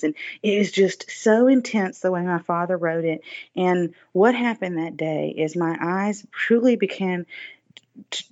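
A woman's voice: lowish voice, a little mellow. A woman guest on a podcast interview, telling a personal story in an earnest, reflective way, often saying "you know". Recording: dull lo-fi dry recording.

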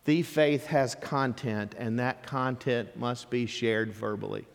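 A man preaching a sermon as pastor, emphatic and animated, with lively storytelling asides. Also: medium pitch, slow pace, creaky, in a large hall.

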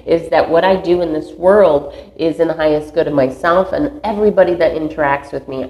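A woman with a low voice talks through her inner practice in a meandering, earnest way and laughs at herself now and then. Her voice rings in a roomy space, and the recording sounds a little dull. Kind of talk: reflective spiritual monologue.

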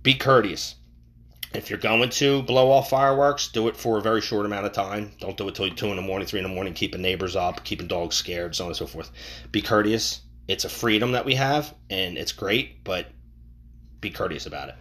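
Guy ranting on his podcast, kinda low voice, swears a lot, gets loud then mumbles, bare room w a bit of echo. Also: fairly quick. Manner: rambling, profane, swings between loud and mumbled. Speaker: podcast host. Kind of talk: casual monologue. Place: untreated home room. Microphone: boom-hung microphone.

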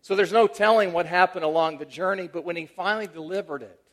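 Middle-aged pastor, conversational sermon storyteller. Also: male voice, high voice, quick pace. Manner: conversational, moving between animated emphasis and hushed, tender delivery.

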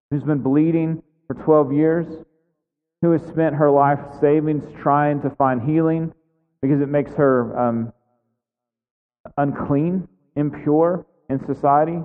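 A man preaching a sermon who acts out the voices of the people in the story as he retells it. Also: fairly high pitch. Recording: phone-like sound with a long hall echo.

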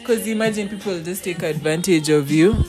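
A woman's voice: fairly low pitch, normal speed, faint music behind. A young woman, telling a story in casual chat and acting out the quotes in it. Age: young adult. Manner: animated, acts out quotes.

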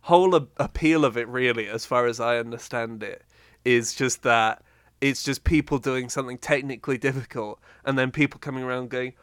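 A man's voice: medium pitch, a little fast, fairly bright tone, clean tone, no room sound. A man co-hosting a podcast in casual chat, wry and rambling as he talks. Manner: rambling, lots of fillers and restarts, wry. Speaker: podcast co-host.

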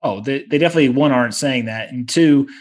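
A man hosting a podcast, speaking in a measured, hesitant way with restarts. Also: mid-range voice. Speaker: podcast host. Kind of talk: casual podcast chat.

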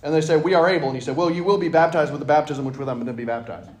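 Animated man leading Bible study. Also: a little high, racing. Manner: animated, acts out dialogue in voices. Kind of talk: interactive Bible teaching. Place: church meeting room. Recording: echoey room.

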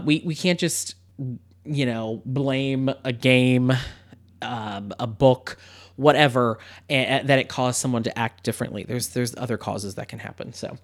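Chatty laughing podcast host man. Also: mid-range voice. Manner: chatty, laughs often, playful asides. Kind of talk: casual chat and reading aloud.

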